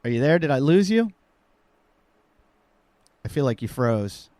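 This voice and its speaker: A man hosting a podcast over a remote call, talking in an animated, rambling, self-mocking way with lots of jokes. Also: mid-range voice, a little slow, dry recording. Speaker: podcast host. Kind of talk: casual joking chat.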